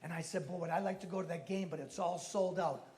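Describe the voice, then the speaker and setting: A man's voice: on the high side, quick pace, darkish tone. A middle-aged man from Massachusetts doing a stand-up routine, telling a story with acted-out voices and brash punchlines in a comedy club.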